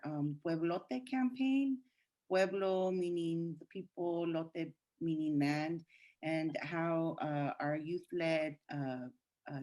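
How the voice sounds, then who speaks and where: Deep-voiced woman introducing her workshop on a call, slow-ish with lots of ums. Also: a little mellow. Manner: measured, with many fillers. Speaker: workshop presenter. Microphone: video call.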